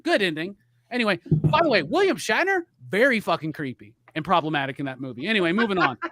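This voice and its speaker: A man's voice: sits high, very animated, fast talker, a bit bright. A middle-aged man co-hosting a live podcast, airing grievances in a heated, profane, rambling rant. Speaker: podcast co-host.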